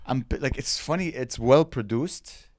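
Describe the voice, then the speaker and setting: A man hosting a casual comedy podcast, an animated storyteller who acts out the voices of the people in his stories. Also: medium pitch, a little slow. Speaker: podcast host.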